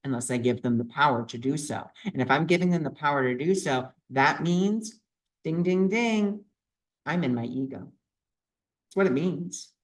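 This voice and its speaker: A man vlogging a reflective self-help talk, earnest and repetitive as he works through his feelings out loud. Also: mid-range voice, moderate pace, poor audio.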